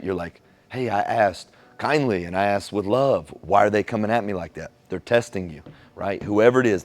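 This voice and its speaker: A man giving a casual motivational talk on relationships, acting out little dialogues and softening his tone for the caring lines. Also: low-pitched. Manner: animated storyteller acting out quoted dialogue.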